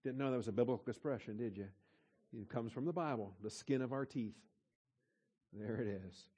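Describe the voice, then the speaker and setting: A man's voice: mid-range voice, brisk, warm tone. A man preaching a conversational sermon, reading scripture aloud and explaining it. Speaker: pastor.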